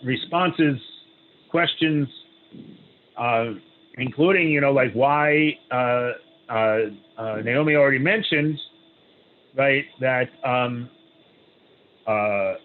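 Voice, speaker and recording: A rabbi who reads a story aloud with pauses, adding "right?" asides and leading a group discussion. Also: male voice, medium pitch. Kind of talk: reading a story aloud, then opening discussion. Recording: tinny phone-like line, faint hiss.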